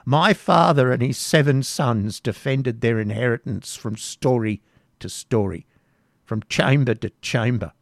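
Putting on the voice of a spiteful old hag, a man reading a storybook grumbles and mutters with scorn, gravelly and close. His unhurried, mid-range delivery is recorded dry, without any room around it.

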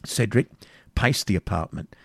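A man reading an audiobook as narrator, measured and even. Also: on the low side, vocal fry, no room sound, studio quality. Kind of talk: scripted narration.

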